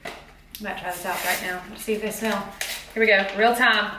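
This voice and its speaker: A woman's voice: medium pitch, steady tone, a little fast, noisy background. A woman teacher chatting in a bubbly, exclamatory way about a haul of school supplies. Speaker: teacher vlogger. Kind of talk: casual haul vlog. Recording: echoey room.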